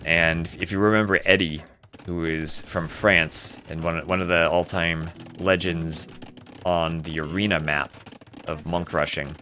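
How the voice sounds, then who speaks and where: A man casting a live strategy game, mixing chatty storytelling asides with excited play-by-play calls. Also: low voice, unhurried, slight background noise. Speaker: esports caster. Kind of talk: live game commentary with casual chat.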